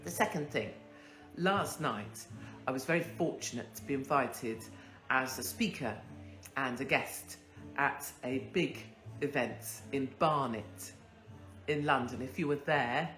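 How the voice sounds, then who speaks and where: A woman's voice: rumbling low, measured pace, a bit bright, roomy sound, faint music behind. Blunt, profane woman ranting. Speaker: host. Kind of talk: casual monologue.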